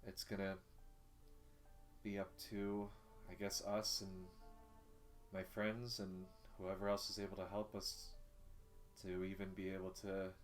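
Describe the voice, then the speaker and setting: A man's voice: low-pitched, completely flat delivery, a little slow, long pauses, faint music behind. A man talking as a player in a tabletop role-playing game, hesitant and full of fillers. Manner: hesitant, lots of fillers and restarts. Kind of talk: casual tabletop role-play.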